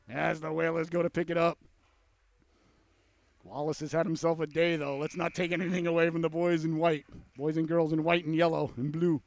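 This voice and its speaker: A man with a rather high, smooth voice calls a youth hockey game play by play. He keeps up a folksy, joking patter with the audience and shouts when the action heats up. The sound is dry and close to the mic. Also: moderate pace, dry recording. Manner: folksy, jokey play-by-play, rises to excited shouts on scoring chances. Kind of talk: sports commentary.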